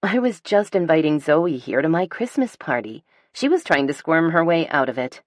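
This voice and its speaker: A woman voicing a bubbly, pushy young woman who insists on getting her way, talking brightly over every objection. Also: sits low, very animated, moderate pace, dry recording, studio quality. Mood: smug.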